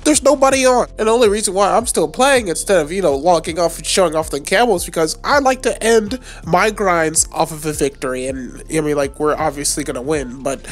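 A man giving live gameplay commentary at home late at night, trash-talking opponents and swearing a lot, with sudden high-pitched yells. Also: brisk, few pauses. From United States. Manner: excitable trash talk with frequent swearing. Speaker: gaming channel host.

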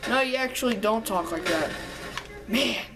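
With a somewhat high, animated voice at a moderate pace, a young woman narrates her video game play in a loose, chatty way. She rambles, jokes with herself, and keeps drifting into humming and singing.

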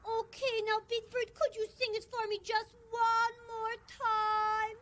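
A woman's voice: very high voice, flat delivery, takes it slowly, fairly bright tone, a little hiss or hum. A woman guest actress in a comic scene on a children's show, talking in a theatrical, dramatic and playfully self-important way.

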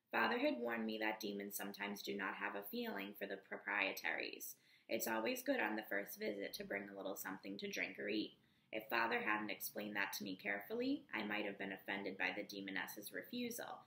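A woman teacher reading a novel aloud to her students in a measured, careful way, calling out the page numbers as she goes. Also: medium pitch, vocal fry, pushed and bright, echoey room.

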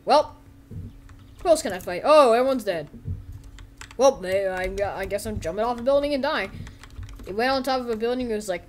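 Woman, gameplay commentary, excitable, giggly, very high, lively swoops. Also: brisk, a little hiss or hum. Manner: excitable, giggly, narrates with silly character voices. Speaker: gameplay video host.

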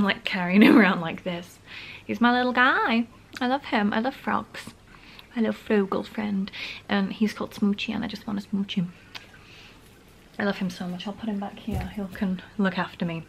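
A woman's voice: mid-range voice, a little hiss or hum. A young Northern English woman chatting casually through a gift haul vlog at home, gushing and giggling now and then. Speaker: vlogger. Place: home room. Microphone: camera on a stand.

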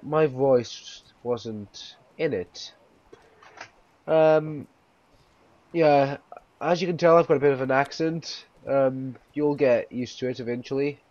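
A man's voice: mid-range voice, a little mellow, dry recording. Rambling young gamer guy, lo-fi mic. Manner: rambling, playful, puts on voices. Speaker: gamer host. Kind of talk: casual gaming chat. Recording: dull lo-fi with faint noise.

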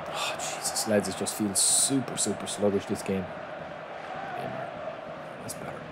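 A man giving excitable live commentary on his own football video game, reacting aloud and calling his viewers lads. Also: fairly low pitch, unhurried, a loud crowd. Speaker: gaming channel host. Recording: noisy game sound mix.

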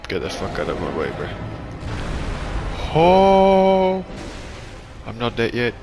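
A man giving profane gameplay commentary, taunting enemies and shouting in frustration. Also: mid-range voice, wildly swooping pitch, takes it slowly, music in the background. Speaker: gaming YouTuber.

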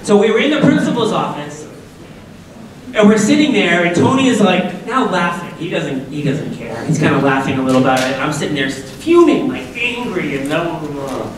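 A man's voice: a little high, sing-song, moderate pace, far from the mic, a crowd in the background. Middle-aged man telling a story in an echoey hall. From Massachusetts, USA. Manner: conversational, asks audience questions, jokey asides. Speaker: speaker at a school assembly. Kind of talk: personal storytelling speech.

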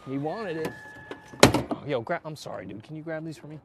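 Excitable man at a noisy driving range. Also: a little high, racing, gravelly. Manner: excitable, swears, self-mocking, loud outbursts. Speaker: golf vlogger. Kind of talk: casual range-session chat to viewers.

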